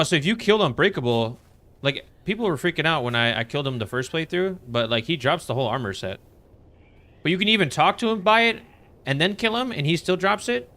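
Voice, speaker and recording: A man's voice: medium pitch, sharp tone. A man streaming a game live, chatting casually with viewers and greeting them with upbeat enthusiasm. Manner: laid-back, greets chat members with upbeat enthusiasm. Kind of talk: casual live-stream chat while playing.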